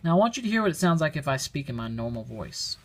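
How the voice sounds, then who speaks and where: A man's voice: fairly high pitch, sing-song, quick pace. A man giving a casual how-to demonstration, explaining each step plainly and thinking aloud. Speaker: product demonstrator. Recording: very noisy home recording.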